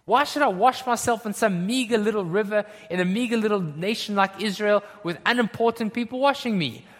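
A man's voice: high voice, a little fast, fairly bright tone, pitched above the performer's own voice. A man voicing a proud, indignant army commander who feels insulted and demands respect. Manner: affronted, demanding, self-important. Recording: long hall reverb.

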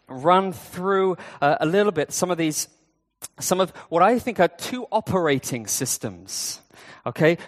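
A man delivers a sermon in a loose, conversational style, pausing and restarting as he goes. His voice sits a touch higher than most men's, and it rings with the long reverb of a church hall. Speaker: preacher.

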